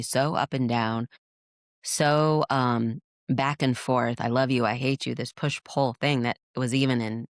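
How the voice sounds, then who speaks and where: Woman podcast guest, mid-pitched with a gravelly edge, earnest and reflective, dry close sound. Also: no room sound. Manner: earnest, reflective, with frequent restarts. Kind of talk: candid interview storytelling.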